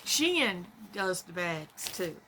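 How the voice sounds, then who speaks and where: A woman's voice: on the low side, big pitch swings, slow pace, sharp tone. A woman chatting casually through an unboxing, rambling with fillers and talking to herself. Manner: chatty, rambling, with trailing fillers and self-talk. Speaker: vlogger. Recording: audible background noise.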